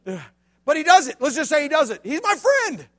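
A man's voice: very high-pitched, huge pitch swings, brisk, fairly bright tone. A man preaching a playful youth sermon, joking with the crowd and acting out stories in different voices. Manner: playful, jokey storytelling with acted-out voices. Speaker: youth pastor.

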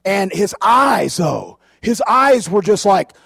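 High-voiced man telling a rambling story. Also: sing-song, takes it slowly, vocal fry, a bit bright, breathy edge. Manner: chatty, rambling storyteller with asides. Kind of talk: storytelling talk to a congregation. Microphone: handheld microphone.

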